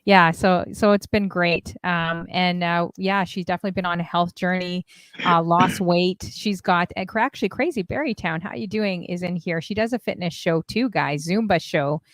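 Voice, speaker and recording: Lively chatty woman host, dry sound. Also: fairly low pitch, no room sound. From Canada. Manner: chatty, animated, laughing, quick asides. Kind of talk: casual panel chat.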